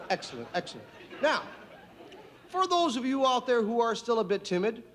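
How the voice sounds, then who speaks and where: A male stand-up comedian doing a routine on a TV stage, talking in a deliberate, emphatic, mock-instructional way. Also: high voice. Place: TV studio stage with live audience.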